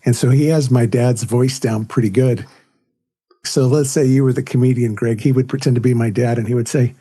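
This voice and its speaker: Dark husky male comedian storyteller. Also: mid-range voice, fairly quick. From California, USA. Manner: anecdotal, tells jokes with quoted voices. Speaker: comedian and author guest. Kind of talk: podcast interview storytelling.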